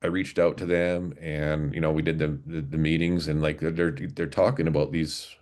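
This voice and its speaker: Low-voiced man telling his story. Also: little pitch movement, a little mellow. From Canada, Alberta. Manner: earnest, halting, with frequent restarts. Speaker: podcast guest, former police officer. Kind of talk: casual storytelling interview.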